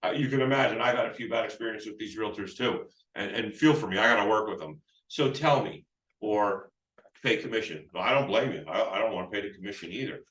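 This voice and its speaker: A man's voice: lowish voice, fast, a bit bright. A man teaching real estate agents phone scripts, rambling with restarts as he acts out both sides. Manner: rambling, many restarts, acts out seller dialogue. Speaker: real estate sales trainer. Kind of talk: live sales training talk with role-play. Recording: echoey room, mic at a distance.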